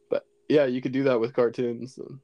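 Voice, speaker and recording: A man's voice: medium pitch, no echo, lo-fi sound. A man co-hosting a casual comedy chat, laid-back and laughing often, trailing off mid-thought. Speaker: podcast co-host.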